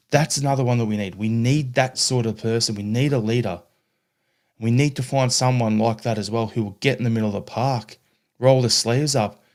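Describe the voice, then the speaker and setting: A Scottish man co-hosting a football podcast, talking bluntly in a ranting, casual way and swearing freely. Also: mid-range voice. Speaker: podcast co-host.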